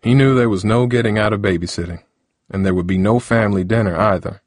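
A man reads a novel aloud in a steady, measured way. His voice sits very low and the recording is dry and close. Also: no echo. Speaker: narrator. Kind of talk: audiobook narration.

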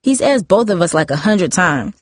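A woman's voice: fairly low pitch, big pitch swings, normal speed, no echo, studio quality. A woman voicing a defiant, pushy teenage girl in a storybook reading. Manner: pouty, confrontational teen voice.

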